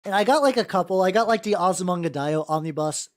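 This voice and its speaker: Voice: mid-range voice, lively intonation, quick pace. A streamer chatting casually about a tabletop game, rambling off on tangents, restarting sentences and swearing freely. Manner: greets chat viewers mid-flow. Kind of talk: casual live-stream chat.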